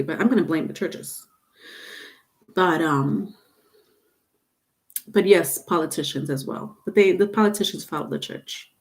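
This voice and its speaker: A woman's voice: medium pitch, darkish tone. A middle-aged woman giving a casual tarot livestream. She talks in a chatty, repetitive way and laughs often. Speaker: tarot reader.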